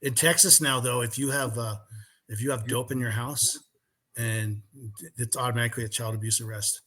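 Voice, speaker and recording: A man's voice: mid-range voice, fairly even intonation, normal speed, sharp tone. A man, a podcast host, chiming in casually with short reactions and asides. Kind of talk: casual chat.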